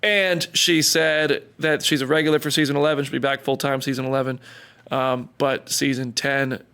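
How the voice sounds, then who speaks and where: A man's voice: mid-range voice, level tone, moderate pace, sharp tone, clean tone. A man co-hosting a podcast, chatting casually and telling stories, quoting people in put-on voices. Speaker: podcast co-host. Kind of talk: casual chat.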